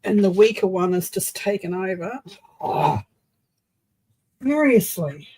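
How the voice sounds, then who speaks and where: A woman with an Australian accent hosts a relaxed crafting livestream. She speaks slowly and loosely, chatting to her viewers while she works on a project. Her pitch sits in an ordinary middle range for a woman. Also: slightly rough, rough recording. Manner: chatty, talks while working with her hands. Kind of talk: casual crafting livestream chat.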